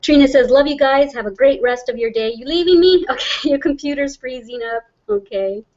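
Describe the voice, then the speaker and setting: A middle-aged woman with a drawl chats through a casual livestream, reading comments aloud and rambling with plenty of laughs. Her voice sits a little high, and the audio comes through somewhat dull and muffled. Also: brisk, a little mellow. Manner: chatty and rambling, laughs often. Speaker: livestream host.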